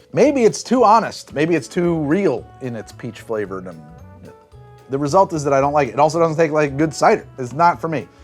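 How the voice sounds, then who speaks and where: A man hosting a casual drink tasting review, wry and deadpan with frequent laughs. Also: on the high side. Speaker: host.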